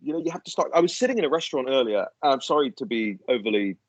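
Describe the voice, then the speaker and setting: A man's voice: medium pitch, animated, quick pace, no echo, poor audio. A man as a guest in a casual political chat, ranting animatedly and swearing freely.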